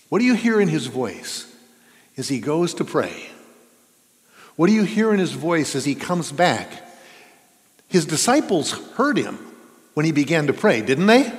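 Man, pastor, earnest conversational sermon, rhetorical questions, long hall reverb. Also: fairly high pitch. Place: church sanctuary.

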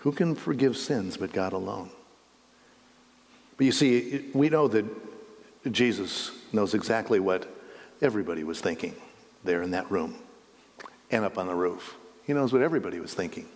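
A man's voice: deep voice, normal speed. A male pastor preaching a sermon, telling the story vividly and asking the listeners questions. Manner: animated storytelling with rhetorical questions. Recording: long reverb in a hall.

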